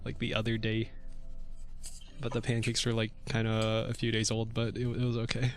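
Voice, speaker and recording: A man's voice: on the low side, completely flat delivery, moderate pace. Rambling, chuckly young male streamer. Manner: rambling and chuckly, many fillers, thinks aloud. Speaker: VTuber streamer coding a game. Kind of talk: casual livestream chat while coding. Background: faint music and keyboard typing.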